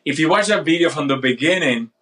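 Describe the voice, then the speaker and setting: A man's voice: a little high, animated, fast, sharp tone. A man telling a story in casual conversation, with frequent restarts and fillers. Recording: voice a bit far from the mic.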